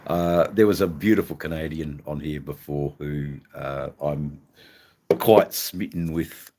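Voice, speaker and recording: A man's voice: rumbling low, level tone, unhurried, mellow. An Australian man hosting a livestream, chatting in a rambling, casual way and greeting viewers by name. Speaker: livestream host.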